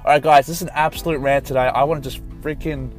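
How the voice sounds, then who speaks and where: A man's voice: mid-range voice, fairly even intonation, fast talker, faint music behind. Angry, passionate man ranting on a podcast. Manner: angry, passionate, swearing, apologetic. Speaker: podcast host and Facebook marketer. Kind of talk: unscripted podcast rant.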